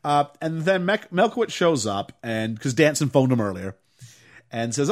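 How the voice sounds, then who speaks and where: Animated man recapping a movie. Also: medium pitch, normal speed. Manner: animated storytelling, acts out quotes in raised voices. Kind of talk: casual movie recap chat.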